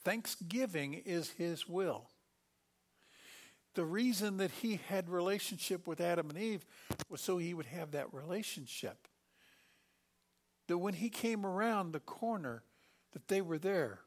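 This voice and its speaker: A middle-aged man preaching a sermon, lively and animated, acting out quoted voices with sudden loud bursts. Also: high voice, unhurried, pauses often. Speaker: pastor.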